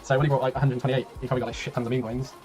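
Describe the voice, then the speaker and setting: A man casting a strategy game tournament on a live stream, chatty and laughing, with a tiring voice that he keeps clearing. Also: mid-range voice, flat delivery, racing, darkish tone, soft background music. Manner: chatty, laughing, rambling, swears, reads chat aloud. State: voice tiring, clearing throat often. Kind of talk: casual live-stream commentary.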